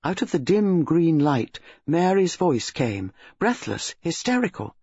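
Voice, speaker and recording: An audiobook narrator reading a story in a measured, expressive way, in a dull lo-fi recording. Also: medium pitch, husky, no echo. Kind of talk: scripted narration.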